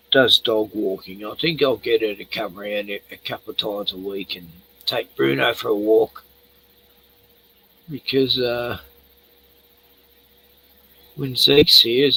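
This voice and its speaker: A man's voice: medium pitch, creaky, pushed and bright, breathy edge, rough recording. An older Australian man hosting a casual livestream, rambling and swearing freely while tipsy from a few beers. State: tipsy from beer. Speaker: livestream host.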